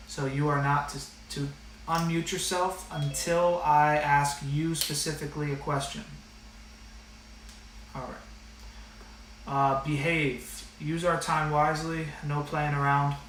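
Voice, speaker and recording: A man with a somewhat high, slightly bright voice goes over the rules for his online math class, speaking casually and directly with plenty of filler words. The room is echoey, the mic a bit distant, and there's a faint hiss or hum.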